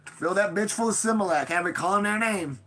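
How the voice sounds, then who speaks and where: A woman telling a story in a casual vlog, swearing freely and jumping high in pitch for quoted voices. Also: a little fast. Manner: profane, animated, swings pitch for quoted voices.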